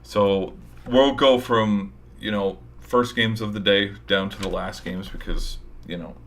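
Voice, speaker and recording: Rambling through laid-back game predictions, a sports show host throws in hype and mild swearing while sounding tired, his voice giving out. His pitch is fairly low, his intonation fairly even and his pace unhurried, with a fairly bright tone. A little hiss or hum sits in the background.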